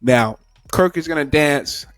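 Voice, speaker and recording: A man's voice: on the high side, a little slow, a bit bright, dry recording, soft background music. A man co-hosting a casual reaction chat, speaking emphatically and often breaking off and restarting his phrases. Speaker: co-host of a reaction show.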